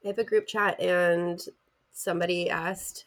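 A woman's voice: lowish voice, little pitch movement. A woman co-hosting a podcast, speaking candidly and wryly in casual chat. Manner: candid, wry, quick to laugh. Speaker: podcast co-host.

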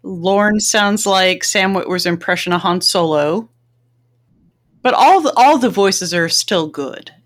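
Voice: mid-range voice, slow, a bit bright. A podcast co-host in casual chat, speaking as an enthusiastic fan. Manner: enthusiastic fan, chatty, laughs often.

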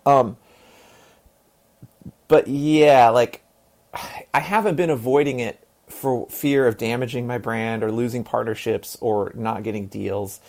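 A man's voice: medium pitch, unhurried, darkish tone. A man in his forties from the American South, answering as an interview guest in a loose, rambling way. His talk is full of fillers and restarts, with the occasional blunt swear. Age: 40s. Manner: rambling, heavy on fillers and repeated "and", casual swearing. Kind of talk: casual conversational interview.

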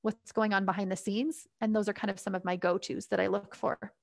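A woman's voice: medium pitch, little pitch movement, fairly quick, gravelly, dry recording, studio quality. A woman parenting coach explaining her tips in an upbeat, chatty way as an interview guest, laughing between points. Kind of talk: guest giving advice in a podcast interview.

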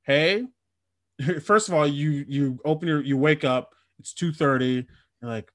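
A man's voice: a little high, measured pace, a bit bright, no room sound, clean studio sound. A man co-hosting a comedy podcast, chatting casually, swearing and riffing in joking mock voices. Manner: profane, jokey, riffs in mock voices. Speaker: podcast co-host.

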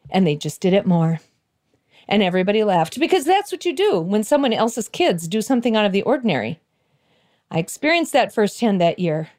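A woman tells a church story in a devotional talk, her pitch sitting a little high and swinging freely as she goes. She slows right down to drive key points home, like a practiced storyteller. Soft music plays faintly underneath. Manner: expressive storyteller who slows down for emphasis. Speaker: speaker giving a Christmas devotional.

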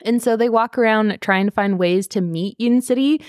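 A woman co-hosting a podcast, recapping a TV show in casual chat, animated, laughing and swearing as she acts out the characters. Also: medium pitch, moderate pace, dry recording, studio quality. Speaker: podcast co-host.

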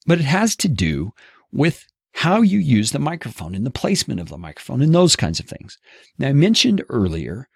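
Expressive male course instructor, husky and gravelly, close dry studio sound. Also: medium pitch, dry recording. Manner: expressive, animated delivery. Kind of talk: instructional podcast teaching. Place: home studio, seated at a table. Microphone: studio mic on boom arm, close.

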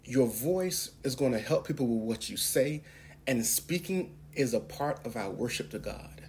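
A podcast host preaches in an emphatic, pulpit-style manner, pushing his voice upward on key words. His mid-range voice is animated, at normal speed and a little mellow, with a faint hiss or hum in the recording.

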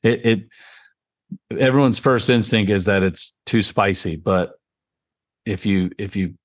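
Low-voiced laughing man from Virginia. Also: measured pace. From Virginia, USA. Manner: laughs often, explains at length. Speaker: podcast co-host. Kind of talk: casual chat.

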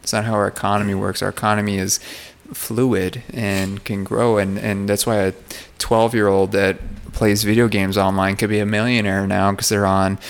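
A man's voice: lowish voice, flat delivery, moderate pace, hardly any pauses, clean tone. A man in casual conversation, earnestly telling personal stories and acting out the dialogue. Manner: earnest and outgoing, acts out quoted dialogue. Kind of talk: casual chat, personal storytelling.

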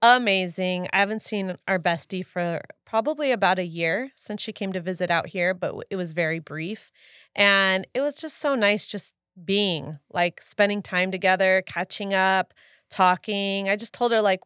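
Speaking at a moderate pace with a medium-pitched, fairly bright and clean tone, this thirtysomething woman is a podcast co-host in casual conversation. She spins stories, quotes her own words, and laughs a lot, with no room sound in the clean studio audio.

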